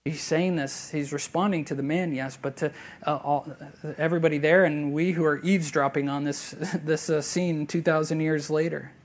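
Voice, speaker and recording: A man preaching a sermon as pastor, earnest and conversational, rising to loud emphasis and then dropping to a hushed near-whisper. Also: fairly high pitch, steady tone, normal speed. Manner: conversational, with fillers and restarts.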